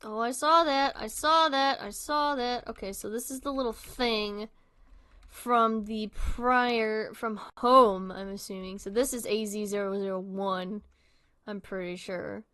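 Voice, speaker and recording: A woman's voice: fairly high pitch, fairly even intonation, a little slow, a bit bright, clear, resonant tone. A woman hosting a livestream, giving casual, rambling reaction commentary full of fillers into a close microphone. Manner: chatty and rambling, many fillers. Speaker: livestream host.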